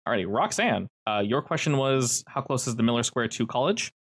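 A man's voice: medium pitch, very animated, brisk, fairly bright tone, husky. A man running a tabletop game as game master, describing scenes in a loose, descriptive way with restarts.

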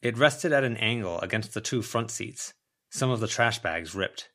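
A man narrating a fan-made audiobook of a web serial in an even, measured way. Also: on the low side. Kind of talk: audiobook reading.

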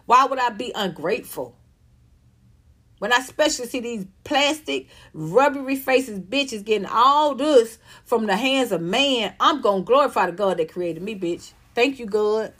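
A woman's voice: on the high side, lively intonation, normal speed, a bit bright. A woman in her fifties ranting in an emphatic, profane monologue, often repeating herself. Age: 50s. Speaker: vlogger.

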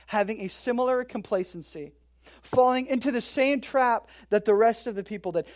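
A pastor giving a casual, joking sermon, retelling a bible story with loud bursts and quiet asides. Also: medium pitch. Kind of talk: conversational sermon.

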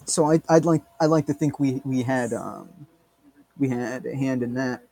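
A man's voice: mid-range voice, steady tone, moderate pace, gravelly, mellow, no echo. A man co-hosting a podcast, rambling and joking in casual banter, swearing freely. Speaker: podcast co-host.

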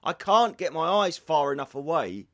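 A man's voice: a little high, big pitch swings, normal speed, vocal fry, a bit bright. A young man hosting a podcast, telling rambling, jokey stories with crude asides in casual chat. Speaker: podcast host.

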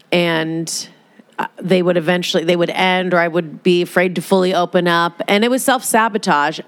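A woman in a casual monologue, candid, joking and profane, who slips into mocking voices. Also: lowish voice.

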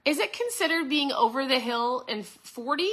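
A woman in her forties hosting a casual motivational talk, upbeat and chatty, often tossing in a quick "right?" to her listeners. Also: sits high, lively intonation, fairly bright tone. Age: 40s. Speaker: host.

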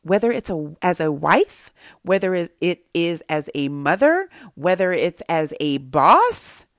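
A middle-aged woman delivers an earnest, faith-based teaching, building her points through emphatic repetition. Her voice sits low and carries a gravelly fry. The sound is close and dry, with no room around it. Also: dry recording. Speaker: Christian speaker to mothers.

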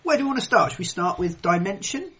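A man's voice: high-pitched, very animated, fast talker, pushed and bright. A man hosting a casual podcast chat, laughing often and poking fun at himself. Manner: laughs often, self-mocking. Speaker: podcast host.

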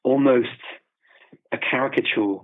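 An unhurried British man with a medium-pitched voice appears as a polyglot guest in a conversational interview. He thinks through his views aloud, often beginning sentences again, and comes across over phone-like remote call audio.

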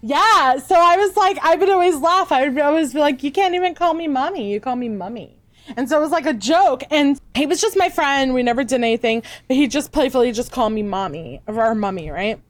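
A woman's voice: sits high, animated, brisk, few pauses, no echo. A woman guest, a VTuber, chatting casually and rambling with fillers and restarts. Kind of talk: casual chat.

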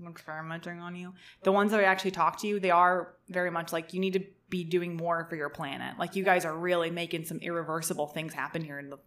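A woman's voice: on the low side, steady tone, quick pace, hardly any pauses, fairly bright tone. Young adult woman, podcast co-host, casual chatty storyteller with a joking tone. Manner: chatty, jokey, swears casually.

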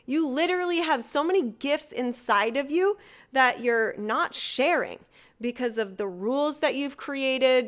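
A woman's voice: high voice, smooth. A woman hosting a motivational solo podcast, talking casually, laughing easily and swearing now and then. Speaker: podcast host.

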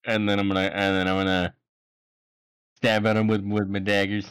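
A man's voice: on the low side, flat delivery, moderate pace, a bit bright, smooth, no echo, studio quality. A man playing a tabletop game, hesitant and repeating himself as he decides what to do. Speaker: player. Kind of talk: casual tabletop play.

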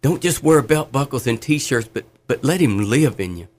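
A man's voice: mid-range voice, expressive, moderate pace, darkish tone. A middle-aged man sharing his faith testimony in conversation, fervent and earnest, telling stories with laughs.

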